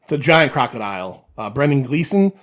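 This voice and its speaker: A man guesting on a podcast, swearing freely as he gushes about movies. His voice is at an ordinary middle pitch. The talk is loose and conversational. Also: very animated, fairly quick, fairly bright tone. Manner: profane, enthusiastic opinions. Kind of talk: casual chat.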